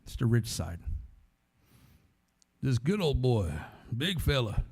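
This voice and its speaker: Animated storytelling man from San Antonio. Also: mid-range voice, takes it slowly, vocal fry, slightly rough. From San Antonio, Texas. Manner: animated, conversational storytelling that acts out the voices in it. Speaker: guest speaker, former radio host. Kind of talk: storytelling sermon talk.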